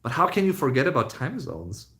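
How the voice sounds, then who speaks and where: Young male streamer, rambling casual Q&A chat, mid-pitched, full of ums. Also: sing-song, brisk, fairly bright tone. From Germany. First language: German. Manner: chatty, rambling, with many fillers and restarts. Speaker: live streamer.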